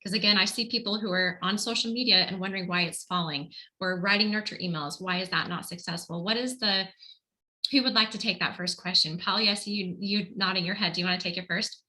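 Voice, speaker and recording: Bright-voiced woman hosting an online panel. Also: medium pitch, fast talker, poor audio. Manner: chatty, enthusiastic, with restarts and self-corrections. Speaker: host.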